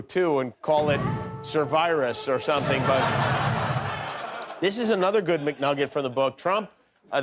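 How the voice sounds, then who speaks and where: A man hosting a late-night show, delivering a joking monologue and chuckling at his own punchlines. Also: a little high. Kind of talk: comedy monologue.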